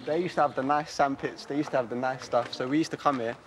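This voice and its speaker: A man from Poland, chatting animatedly with lots of slang while walking through his childhood neighbourhood. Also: medium pitch. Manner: animated, slangy, quick to laugh. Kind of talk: casual walking tour chat. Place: outdoors on city streets. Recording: street noise and traffic outdoors.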